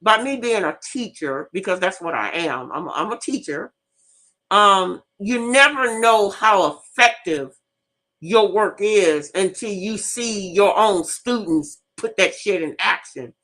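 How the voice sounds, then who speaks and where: A woman host and teacher telling an animated, profane story in casual live talk, repeating herself as she goes. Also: mid-range voice, measured pace.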